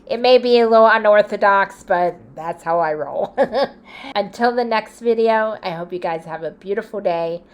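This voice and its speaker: A woman vlogger talking casually to camera, chatty and playful, laughing often and drifting into soft asides. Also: mid-range voice, normal speed, smooth.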